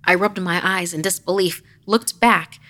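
A woman hosting a horror podcast, narrating a scary story in a slow, hushed, eerie way that drops into whispers. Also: fairly low pitch, fairly even intonation.

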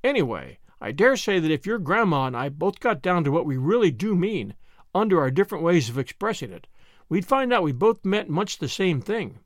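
A man reading the part of an earnest, thoughtful young woman in an audiobook, speaking gently and reassuringly. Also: fairly high pitch, very animated, normal speed, no echo, studio quality. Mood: gentle.

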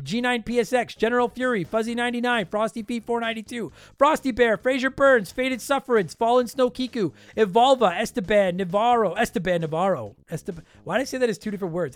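A man's voice: very high-pitched, dry recording. A man hosting a podcast, casually joking and rattling off a long list of patron names while his voice is tired and worn. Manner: joking, self-deprecating, rapid list reading. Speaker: podcast host.

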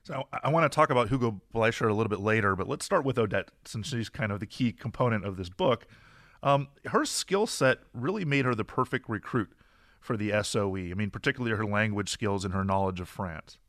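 A man hosting an interview, asking measured, prepared questions. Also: fairly low pitch, expressive, a bit bright, dry recording, studio quality. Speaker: interviewer host.

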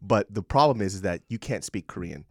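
A man hosting a podcast, telling a story in casual chat, animated and profane, laughing often. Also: lowish voice, a little fast, no echo, clean studio sound. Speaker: podcast host.

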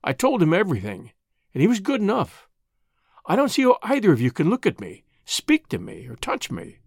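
A man's voice: sits high, wildly swooping pitch, a little fast, creaky, breathy edge, no echo, clean studio sound, heavily acted. A man doing a desperate, guilt-ridden young son. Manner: thick, broken, anguished.

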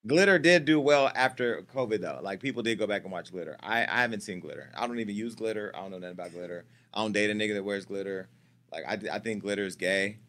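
A man's voice: on the low side, quick pace, a bit bright. A man hosting a celebrity gossip show, talking in a brash, profane, teasing way as he chats casually and jokes with staff off camera.

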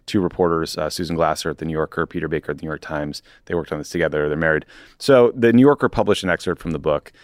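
Deep-voiced man co-hosting a podcast. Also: fast, no room sound. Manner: dry, wry, reads excerpts aloud with short asides. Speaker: podcast co-host. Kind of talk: casual political chat.

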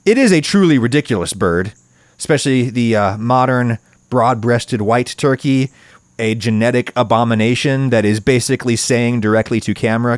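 In a dry recording, a man hosts a solo video essay, offering opinionated commentary at a moderate pace. He's wry and emphatic, leaning hard on stressed words with wide pitch swings.

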